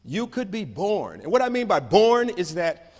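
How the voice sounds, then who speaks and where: A man giving a motivational speech at a conference, telling stories in a dramatic, animated way. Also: high voice, normal speed. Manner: dramatic, animated storytelling with swings in loudness. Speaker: conference keynote speaker. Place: large conference hall. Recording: long hall reverb.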